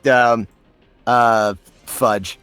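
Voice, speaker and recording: A man's voice: medium pitch, flat delivery, extremely slow, fairly bright tone, smooth, no echo, soft background music. A man talking as a podcast guest, chatty and self-deprecating as he tells a story, swapping in a mild word so he doesn't swear. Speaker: voice actor guest. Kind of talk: casual podcast chat.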